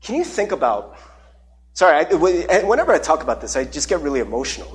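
Young male pastor, high and lively delivery, earnest and emotional sermon voice. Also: fast, slight background noise. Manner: earnest, emotional, with frequent "right?" asides.

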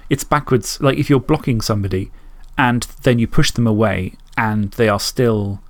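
A man co-hosting a tabletop game podcast, chatting casually, animated and thinking aloud, with some swearing. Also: lowish voice, normal speed, no echo. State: hiccuping. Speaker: podcast co-host. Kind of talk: casual chat.

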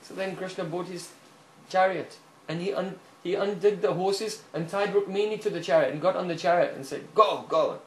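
A man preaching a story-filled sermon, animated and often checking in with his listeners, in an echoey room with faint hiss. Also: high voice, fairly quick, hardly any pauses. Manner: animated storyteller, frequent "hmm?" checks, chuckles.

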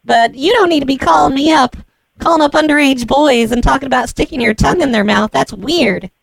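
Give me a prim, mocking old woman through a voice changer, a man doing it, with a high, gravelly tone. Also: brisk, a bit bright, exaggerated voice. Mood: scolding. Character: fussy old woman scolding a caller.

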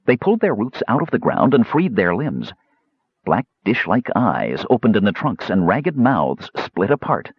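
A man reading fantasy fiction aloud as an audiobook narrator, steady storytelling with varied voices. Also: lowish voice, moderate pace, breathy edge, no room sound, dull audio. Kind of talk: scripted narration.

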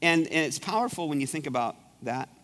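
A man's voice: on the high side, lively intonation, a little fast, a bit bright. Give me a male pastor preaching casually in a reverberant church, rambling and restarting. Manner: conversational, rambling with many restarts. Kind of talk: sermon. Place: church sanctuary. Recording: echoey church sanctuary.

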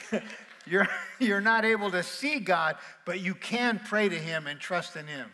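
A man's voice: high voice, moderate pace, pushed and bright, big-room sound, a little hiss or hum. A man preaching a sermon as pastor, playful and calling on his congregation to answer back. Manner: playful, calls on the congregation to respond. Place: large auditorium with balcony.

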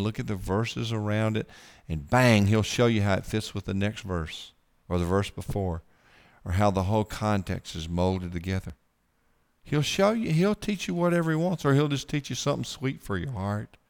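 A man delivers a folksy sermon, reading scripture and reflecting on it, now hushed and now emphatic. His voice is smooth and resonant. It carries a long hall reverb. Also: on the high side. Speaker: preacher.

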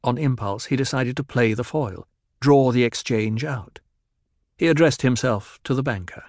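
A man narrating a story in a steady, even storytelling manner. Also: mid-range voice, normal speed, dry recording, studio quality. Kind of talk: scripted audiobook narration.

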